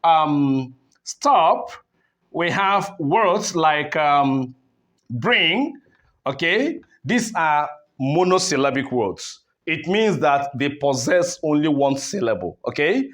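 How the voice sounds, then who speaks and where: A man with a Nigerian English accent teaching an online lesson, explaining slowly and repeating key terms with many fillers and check-ins. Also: a little high, animated, a bit bright.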